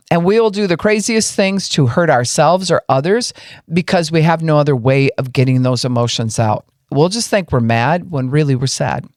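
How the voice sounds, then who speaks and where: A man with a fairly high voice talks through emotions in an earnest, step-by-step teaching talk. He slips into the inner voices of the people he describes. The sound is dry and close, with no room echo. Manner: acts out people's inner voices in quoted lines. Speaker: podcast speaker on grief and emotions.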